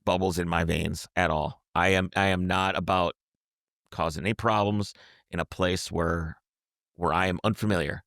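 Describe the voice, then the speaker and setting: A man telling a road trip story in casual podcast chat, animated and acting out the voices of the people he quotes. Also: deep voice, normal speed, dry recording, studio quality. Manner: animated, acts out quotes, repeats and restarts words.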